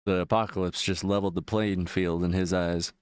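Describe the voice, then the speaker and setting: A man's voice: low voice, steady tone, a little fast, smooth, no room sound, studio quality. A male streamer chatting casually while gaming, rambling and swearing freely, full of fillers. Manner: rambling, profane, loose retelling with frequent fillers.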